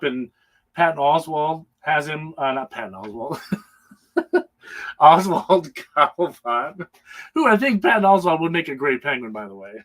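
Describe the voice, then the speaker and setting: A man's voice: a little high, a bit bright, low-quality recording. Rambling man recapping a comic. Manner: rambling, full of hesitations, chuckles often. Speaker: comic book panelist. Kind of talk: casual comic book recap.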